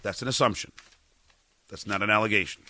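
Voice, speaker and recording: A middle-aged host's furious podcast rant comes out fairly quickly in a fairly low voice with fairly even intonation, stammering, swearing, and at times shouting. A little hiss or hum is audible.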